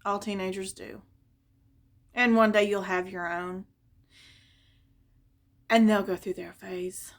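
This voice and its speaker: A woman voicing a loving elderly grandmother, speaking softly and reassuringly in a retold family story. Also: mid-range voice, level tone, slow, long pauses. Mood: tender. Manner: soft, tender, reassuring.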